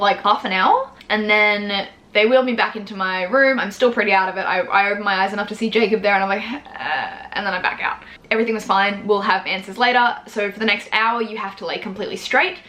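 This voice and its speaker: Fast, bright-voiced chatty young woman. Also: mid-range voice. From Australia. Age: 20s. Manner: chatty, frank and swears freely, acts out her own quotes. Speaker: vlogger. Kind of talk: casual storytelling to camera.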